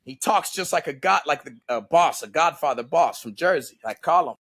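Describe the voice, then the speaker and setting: A man in his forties, a podcast guest and former Navy SEAL, telling stories in a casual, profane, animated way and laughing often. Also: a little high, normal speed. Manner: profane, animated, laughs a lot, does voices.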